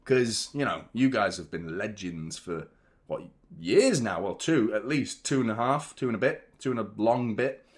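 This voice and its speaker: A man hosting a live football watchalong, chatting excitedly and nervously while reading out viewer messages from a hot glass-walled room. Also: fairly low pitch, moderate pace. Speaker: host of a football fan channel.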